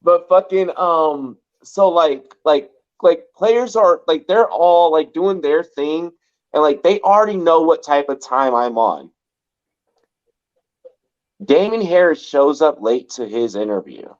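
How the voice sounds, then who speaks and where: A man's voice: a little high, expressive, takes it slowly. Rambling, profane man from LA, lo-fi. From Los Angeles. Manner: rambling and profane, heavy use of "like". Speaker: podcast host. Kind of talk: casual storytelling chat.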